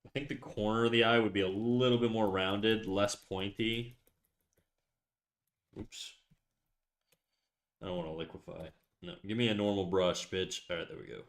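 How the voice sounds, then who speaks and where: A man's voice: lowish voice, moderate pace, pauses often. A young Canadian man with a Canadian accent, chatting casually and swearing freely as he draws on a live stream. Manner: loose, joking, swears often. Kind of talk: casual chat while drawing.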